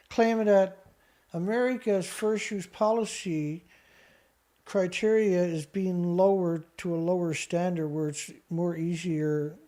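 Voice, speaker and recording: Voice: mid-range voice, fairly even intonation, measured pace, dark tone. A show host reads out news items and rants about them angrily, sarcastic and insulting. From Canada. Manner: angry, sarcastic, insulting, talks back at the headlines.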